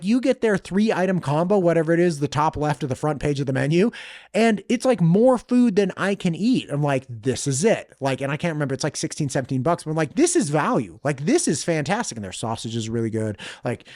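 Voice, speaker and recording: Man, podcast host, casual storytelling, very animated pitch, dry close mic. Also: fairly quick, no room sound. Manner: animated storyteller, says "like" a lot. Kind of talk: casual chat.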